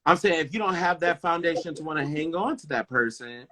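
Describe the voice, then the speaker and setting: A man's voice: fairly high pitch, expressive, fairly quick, crowd noise. A man co-hosting a podcast in casual chat, talking emphatically and often checking in with "you know what I mean". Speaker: podcast co-host.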